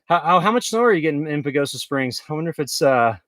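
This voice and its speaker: A man chats on a livestream from his snowy off-grid campsite, wandering between outdoors and his tent. His voice sits a little high and sounds dry and close to the mic. He talks in a loose, rambling way, full of fillers and restarts. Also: lively intonation, quick pace, a bit bright, no room sound. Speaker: vlogger livestreaming off-grid camping. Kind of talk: casual livestream chat. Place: outdoors in snow and inside a large tent.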